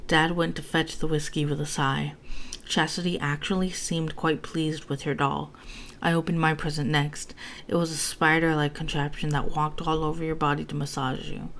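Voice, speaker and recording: Low-voiced woman reading a story aloud for a review, casual, jokes about herself. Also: level tone, moderate pace, a bit bright, slight background noise. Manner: casual, self-mocking asides. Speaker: book reviewer.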